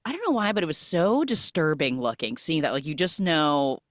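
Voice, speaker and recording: A woman hosting a podcast, recapping a film in a casual, animated way with lots of "like" fillers. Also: deep voice, fairly quick, no room sound, studio quality. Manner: animated storytelling with frequent "like" fillers. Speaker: podcast host.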